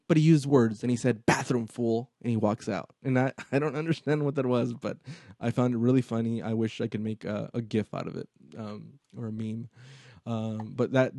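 A man in casual podcast chat, retelling movie scenes in a lively way and acting out the lines. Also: mid-range voice, no echo, clean studio sound. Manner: animated storytelling, acts out movie lines. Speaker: podcast co-host.

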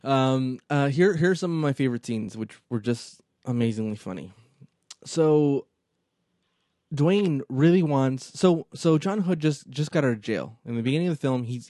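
A man in casual podcast chat, retelling movie scenes in a lively way and acting out the lines. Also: medium pitch, no room sound, studio quality. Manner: animated storytelling, acts out movie lines. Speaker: podcast co-host.

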